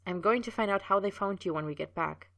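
A woman voicing an earnest, cheeky young man in a fan story reading, pitched up with a breathy pleading edge. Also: expressive, moderate pace, a bit bright, dry recording, recorded from a distance, natural voice.

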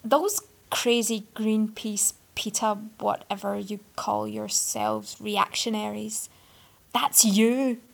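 A woman's voice: mid-range voice, fairly even intonation, slow pace, gravelly. A woman voicing a haughty, arrogant young male executive who delivers acid, scornful put-downs in a storybook reading. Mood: indignant.

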